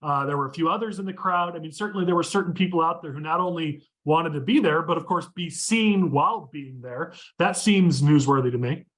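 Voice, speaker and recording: A man hosting a casual political discussion podcast, talking quickly and steering the conversation with firm opinions. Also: on the high side, fairly bright tone. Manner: quick, opinionated, leads the talk. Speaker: podcast host.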